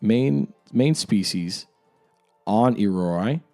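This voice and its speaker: Young guy game master rambling about his world, low mellow voice, music under it. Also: expressive, extremely slow, creaky. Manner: rambling, filler-heavy. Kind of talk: casual lore talk. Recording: music in the background.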